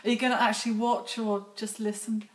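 A woman's voice: on the high side, level tone, fairly quick. A middle-aged woman hosting a casual live stream outdoors on her phone, chatty and teasing as she greets viewers by name. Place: outdoors near lambs.

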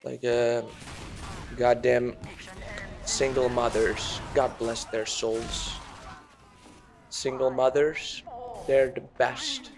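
A man's voice: mid-range voice, expressive, drawn-out words, pauses often, background noise. A man doing a celebrity impression while commentating a game, meandering and self-mocking and easily sidetracked. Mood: rambling. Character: slow, gravelly, rambling celebrity-impression man.

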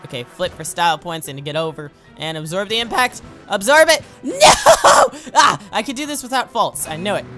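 An excitable young man commentates on his own gameplay, jokey and chatty, talking himself through each move. His pitch swings widely and jumps into yelps and laughs whenever he crashes. Faint game music runs behind him. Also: a little fast, hardly any pauses. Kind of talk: let's play commentary.

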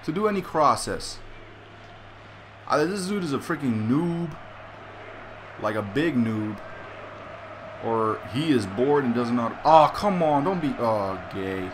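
A man's voice: mid-range voice, lively intonation, measured pace, pauses often, noisy background. A young man playing a football video game, ranting and swearing in frustration. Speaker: gamer. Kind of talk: live gameplay commentary.

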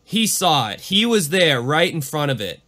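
A man's voice: fairly high pitch, normal speed. A man co-hosting a podcast, mixing casual chat with dramatic readings. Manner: animated, leaning into the creepy parts. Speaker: podcast co-host.

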